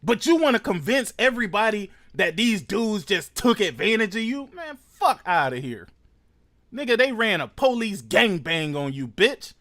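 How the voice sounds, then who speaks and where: A man hosting a reaction commentary show, ranting loudly and mockingly with heavy profanity. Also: sits high, big pitch swings, normal speed. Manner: loud, profane, mocking rants. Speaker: commentary host.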